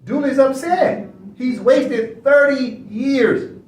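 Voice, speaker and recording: A man with a very high voice hosts a study session and lectures in a casual, preachy way. He keeps circling back with rhetorical questions. He sits well back from the mic in a room that rings with echo. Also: slow, a little mellow, highs cut off. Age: adult. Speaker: online study session host. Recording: echoey room, far from mic.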